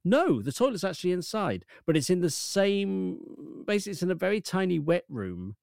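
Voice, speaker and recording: A man's voice: high-pitched, very animated, brisk, creaky, darkish tone, no room sound, clean studio sound. A man chatting casually as a podcast co-host, telling stories with self-deprecating asides. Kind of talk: casual chat.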